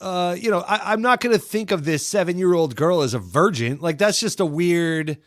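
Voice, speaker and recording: Joking guy in his 30s chatting films, kinda high voice, dry sound. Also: moderate pace, no echo. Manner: wry, joking, trailing off with fillers. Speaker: podcast co-host. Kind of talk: casual film discussion.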